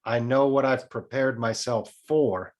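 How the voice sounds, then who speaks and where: Earnest man speaking on spiritual ideas. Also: mid-range voice. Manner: earnest, measured, deliberate. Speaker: podcast guest. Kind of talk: spiritual talk.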